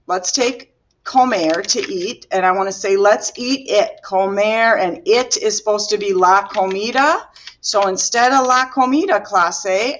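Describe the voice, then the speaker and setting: Woman teacher, unhurried and patient, walking students through grammar, muffled lo-fi recording. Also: medium pitch, a bit bright, a little hiss or hum. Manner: patient, explaining step by step while writing. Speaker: Spanish teacher. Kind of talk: recorded classroom grammar lesson.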